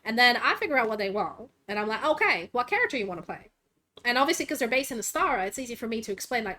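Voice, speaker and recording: Woman, vtuber host, casual chat, rambling, slightly high voice. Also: sing-song, quick pace, sharp tone. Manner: rambling, lots of fillers and restarts. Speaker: vtuber host and game master.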